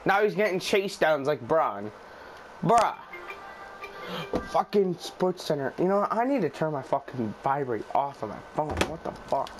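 A young man commentating his own basketball video game play, swearing a lot, shouting when shots go in and muttering low between them. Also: very animated, normal speed, over music. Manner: loud, profane, hyped shouting at plays, then low muttering. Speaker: gaming YouTuber. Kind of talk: excited gameplay commentary.

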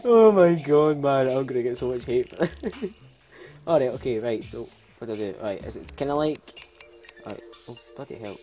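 A man's voice: mid-range voice, normal speed, darkish tone, faint music behind. A young Scottish man giving casual, rambling commentary on a video game, self-mocking, laughing often and swearing freely. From Scotland. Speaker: let's play host.

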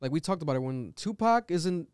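A young podcast host talks in an animated, slangy, swearing style at a slightly high pitch. His voice is smooth and clear into a studio microphone. The room sound is dry and close. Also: quick pace, no room sound. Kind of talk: casual chat.

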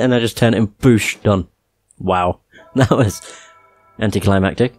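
A man's voice: lowish voice, measured pace, pauses often, dry recording, studio quality. Casual man reading a game aloud. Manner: chatty, amused asides between read passages. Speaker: let's play host. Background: faint game music.

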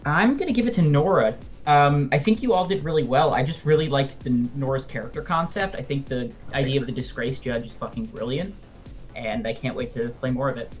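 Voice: medium pitch, brisk, soft background music. Blunt, casual tabletop player. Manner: blunt and casual, swears freely. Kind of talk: casual chat among players.

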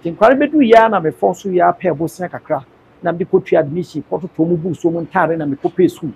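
A man being interviewed, earnestly telling a personal story in a measured way. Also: high voice, creaky, darkish tone, breathy edge.

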